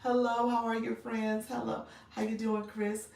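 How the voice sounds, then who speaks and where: A woman's voice: on the high side, little pitch movement, normal speed, gravelly, a little mellow, roomy sound, far from the mic, slight background noise. A woman, chatting casually on her livestream, giggly and chatty as she answers viewers. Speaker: livestream host and coach.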